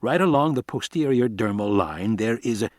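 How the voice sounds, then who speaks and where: A man's voice: mid-range voice, lively intonation, normal speed, darkish tone, dry recording, lightly acted. A man voicing a cold, stubborn scientist for an audiobook, clipped and exasperated, never giving ground. His delivery is plain and close to the mic, with a dry sound and no room around it.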